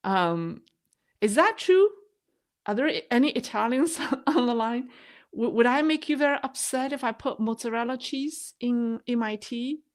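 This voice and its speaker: Non-native english speaking woman, slow easy talk, kinda high voice, laughs a lot on her stream. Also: lively intonation. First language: not English. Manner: chatty, laughs often, self-deprecating. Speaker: live-stream host. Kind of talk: casual live-stream chat.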